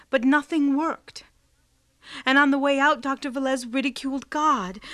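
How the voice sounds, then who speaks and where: An actress playing a devout young nurse in a radio drama, earnest and fervent. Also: female voice, high-pitched, fairly bright tone, no room sound.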